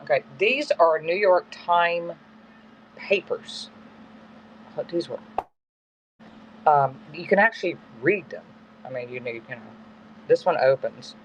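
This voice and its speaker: A middle-aged man hosts a live-stream auction from his home in the woods, chatting in a rambling, self-correcting, casual selling style. His voice is fairly high with lively intonation, unhurried and often pausing. The phone stream sounds dull and lo-fi with faint background noise.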